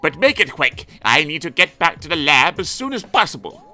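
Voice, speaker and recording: A man voicing a hurried, grumpy eccentric scientist in a storybook reading, speaking brusquely and loudly. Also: on the high side, very animated, faint music behind, pitched above the performer's own voice, heavily acted. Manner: brusque, exclaiming.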